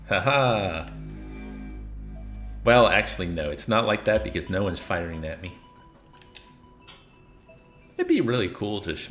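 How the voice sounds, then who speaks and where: A man's voice: fairly low pitch, a bit bright, reverberant. A man streaming a video game, casually chatting with viewers and laughing at himself. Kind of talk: casual gameplay commentary.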